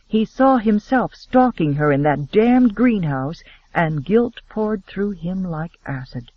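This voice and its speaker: A man narrating a romance audiobook in a steady, expressive storytelling manner. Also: high voice, muffled recording.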